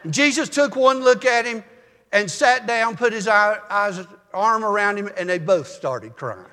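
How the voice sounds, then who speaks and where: An older man preaching a sermon as a pastor, telling folksy stories in a calm, measured way. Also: high-pitched, big-room sound.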